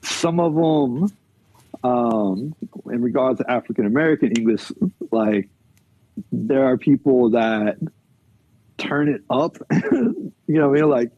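Male podcast guest, relaxed and chatty, slightly raspy, dry and muffled audio. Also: mid-range voice, takes it slowly, long pauses, no room sound. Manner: loose and chatty, many fillers, laughs often. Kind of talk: casual conversational interview.

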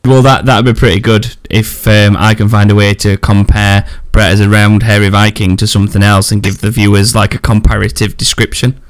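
A man's voice: fairly low pitch, little pitch movement, fairly quick, few pauses, no room sound. A man hosting a podcast in casual chat, rambling and often correcting himself. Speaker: podcast host.

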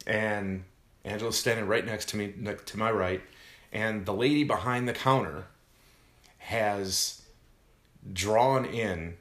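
A man's voice: lowish voice, slow pace, long pauses. A man casually telling a funny story on a podcast, laughing often and acting out what people said. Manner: animated, laughs often, acts out quotes. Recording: echoey room.

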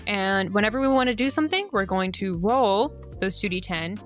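A woman's voice: mid-range voice, expressive, normal speed, faint music behind. A woman co-hosting a radio game show who explains tabletop game rules in upbeat casual chat, swearing freely. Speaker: co-host and game runner.

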